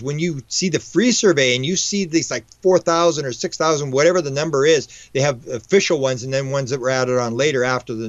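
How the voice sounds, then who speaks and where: Fast-talking man telling UFO stories. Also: a little high, dry recording. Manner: rapid, with restarts, acting out dialogue. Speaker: guest, UFO researcher and lecturer. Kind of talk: animated storytelling. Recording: dull lo-fi, dry sound.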